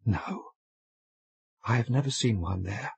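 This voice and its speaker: A man voicing a solemn young female ghost who speaks gravely and quietly in an audiobook. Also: medium pitch, slow pace, voice pushed up, exaggerated voice. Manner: grave, quiet, sometimes sharp. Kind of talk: audiobook character voice.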